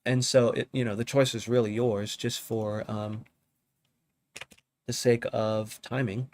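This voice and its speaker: A man's voice: medium pitch, a little slow, slight background noise. Casual man thinking aloud while teaching. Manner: relaxed, thinking aloud, often asks "you know what I mean?". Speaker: music producer teaching drum programming. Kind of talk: casual live tutorial. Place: home studio.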